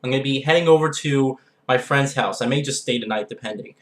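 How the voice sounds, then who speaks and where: A man's voice: mid-range voice, fast, roomy sound. A young man from the Los Angeles area talking casually in a gaming vlog, rambling and often checking in with "all right?". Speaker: gaming vlogger.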